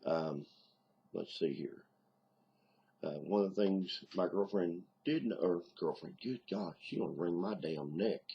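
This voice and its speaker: In an unhurried, low, gravelly voice with a slightly rough edge, a Southern middle-aged man talks through a relaxed vlog monologue, filling it with ums. The recording sounds muffled.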